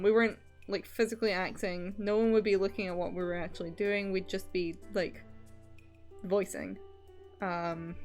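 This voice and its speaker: Young woman, streamer, casual rambling chat, frequent laughs, casual swearing, mid pitch, faint background music.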